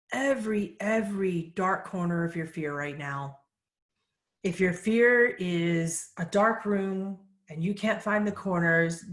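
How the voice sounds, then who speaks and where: A woman psychic medium in a casual live question-and-answer session, relaying messages in a calm, measured, gentle way. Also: medium pitch, roomy sound.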